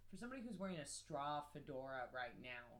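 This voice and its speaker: A woman's voice: low voice, sing-song, quick pace, fairly bright tone. Candid rambling woman podcaster. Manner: candid, rambling, self-deprecating. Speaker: podcast co-host. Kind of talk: casual comedic chat.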